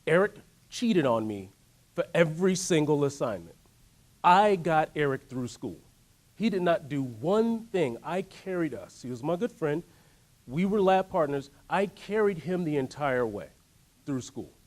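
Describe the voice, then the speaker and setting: A man giving a motivational workshop talk, telling a story in an animated way and asking the audience to join in. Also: a little high, a little slow. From United States. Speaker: workshop speaker. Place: workshop room.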